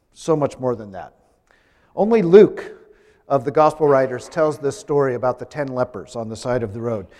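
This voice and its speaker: A man delivers a sermon in a conversational manner, turning to the congregation with light, humorous asides. His voice sits a little on the high side for a man. The sound carries a long reverb from the church. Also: darkish tone. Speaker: preacher. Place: church sanctuary.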